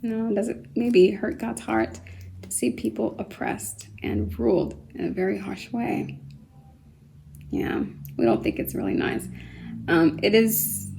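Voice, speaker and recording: A woman with a slightly gravelly voice teaches young children new words, slowly spelling each one out letter by letter. She stops often to ask her listeners gentle questions. A faint hiss of background noise runs under the recording. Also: medium pitch, animated, rough recording. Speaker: homeschool teacher. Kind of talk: kindergarten vocabulary lesson.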